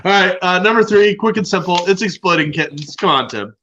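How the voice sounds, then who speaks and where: A man's voice: sits high, expressive, a little fast, bright, forceful tone, muffled recording, slight background noise. A man co-hosting a casual board game livestream, teasing and bluntly dismissive in a joking way. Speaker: board game show co-host.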